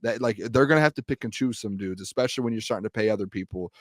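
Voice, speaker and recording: A man's voice: lowish voice, very fast, no room sound. A man co-hosting a sports podcast, talking casually with plenty of fillers. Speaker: podcast co-host.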